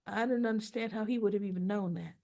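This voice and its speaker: A woman's voice: mid-range voice, quick pace, gravelly, warm tone. A woman casually recapping a soap opera episode, rambling and correcting herself with chatty asides.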